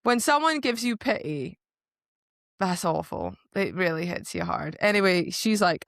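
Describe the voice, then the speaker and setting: A woman co-hosting a podcast, chatting casually about a book and acting out the characters' lines in quick asides. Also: lowish voice, animated, gravelly, fairly bright tone, dry recording, clean studio sound. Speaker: podcast co-host.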